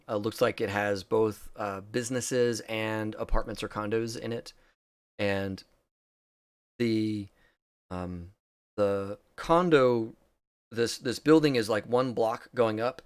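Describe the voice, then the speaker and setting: A man running a tabletop role-playing game as game master, describing scenes in a halting way with many fillers. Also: lowish voice, clean tone, no echo.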